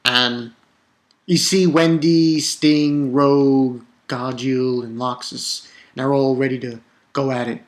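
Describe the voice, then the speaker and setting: A man giving a casual spoken review of a manga chapter, ranting with exasperation and stumbling over repeated words. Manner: animated, exasperated ranting with sudden pitch jumps; halting, with frequent repeated words.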